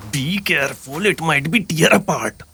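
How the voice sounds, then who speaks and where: A man voicing a sharp-tongued sidekick in a dubbed film, correcting and scolding others. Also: fairly high pitch, animated, normal speed, slight background noise. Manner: scolding, know-it-all.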